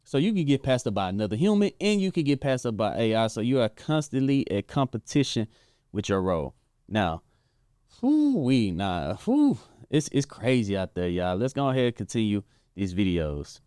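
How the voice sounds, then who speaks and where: A man's voice: fairly low pitch, lively intonation, a little fast, a little mellow, smooth, no room sound, clean studio sound. Casual man commenting on layoff clips. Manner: casual, repetitive, says "right?" often. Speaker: host. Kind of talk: reaction commentary.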